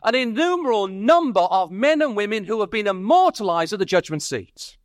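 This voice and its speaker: Earnest high-voiced male preacher. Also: very animated, brisk, no echo, studio quality. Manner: earnest, asks listeners repeated questions; stumbles and repeats words when stirred. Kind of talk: sermon.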